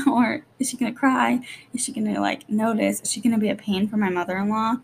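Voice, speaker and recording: A young woman and mother chatting casually to her vlog, rambling quickly with lots of "like", jittery and short on sleep. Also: a little high, fairly even intonation, vocal fry, a little mellow, slight background noise. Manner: rapid rambling, lots of "like", nervous. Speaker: vlogger, young mom.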